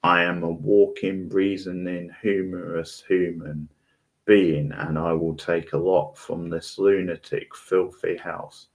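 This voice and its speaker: A man's voice: deep voice, level tone, slow. A man reading the lines of a terrified young woman trapped in a haunted house, in a desperate, emphatic voice. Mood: frightened, desperate.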